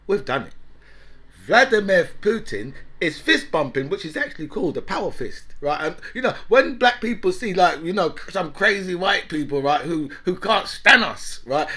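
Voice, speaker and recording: A man's voice: sits high, big pitch swings, normal speed, pushed and bright. A man hosting a casual monologue, rambling, laughing often and tagging "right?" onto his sentences. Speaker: talk show host.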